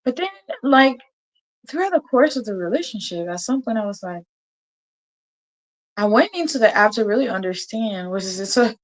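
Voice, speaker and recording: A woman's voice: a little high, moderate pace, long pauses, poor audio. A woman in her thirties hosting a casual live chat, telling a story with laughter and acted-out quotes. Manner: animated, laughing, acts out quotes. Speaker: host.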